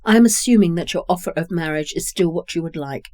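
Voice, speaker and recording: A woman's voice: fairly low pitch, lively intonation, quick pace, dark tone, no echo, lightly acted. A reader voicing a poor widowed mother in a short story, speaking earnestly and apologetically. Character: grown woman, a poor widowed mother, proud and gentle. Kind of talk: reading dialogue in a short story.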